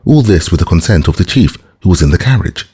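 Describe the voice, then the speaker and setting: A man's voice: sits low, lively intonation, fast talker, warm tone, husky. A man reading an audiobook, voicing a grateful young bandit messenger who speaks earnestly and deferentially.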